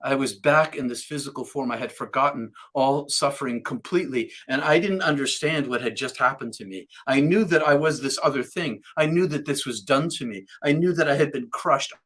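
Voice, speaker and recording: A man's voice: mid-range voice, a little fast, hardly any pauses, a bit bright. Man telling a vivid personal story. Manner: vivid, repetitive retelling with restarts. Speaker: guest sharing a near-death experience.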